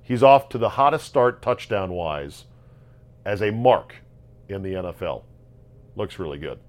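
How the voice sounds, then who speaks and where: A man hosting a solo sports talk show, ranting sarcastically about football results and jumping between loud outbursts and low muttering. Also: expressive, measured pace. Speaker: sports podcast host. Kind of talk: casual solo sports commentary.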